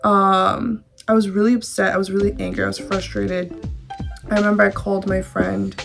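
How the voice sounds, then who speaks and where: A woman's voice: medium pitch, flat delivery, normal speed, vocal fry, over music. A young woman, telling a personal story to the camera in a candid, chatty way, with filler words and casual swearing. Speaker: vlogger.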